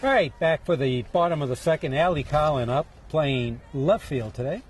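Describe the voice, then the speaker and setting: A man with a New England accent giving relaxed, chatty play-by-play for a local TV softball broadcast. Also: a little high, moderate pace, slight background noise. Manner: relaxed, chatty, jokes with booth partner. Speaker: play-by-play announcer.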